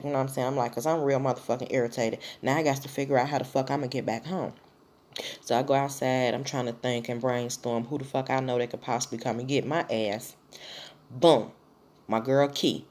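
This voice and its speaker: A woman's voice: rumbling low, brisk, a little mellow. A woman vlogger telling a personal story in a blunt, profane, casual way.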